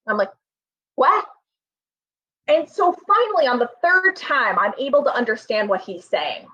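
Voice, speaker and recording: A woman's voice: a little high, big pitch swings, brisk, sharp tone, breathy edge. A young woman telling a funny personal story in a rambling, self-deprecating way, full of fillers. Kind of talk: comic storytelling. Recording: slightly dull, lo-fi sound.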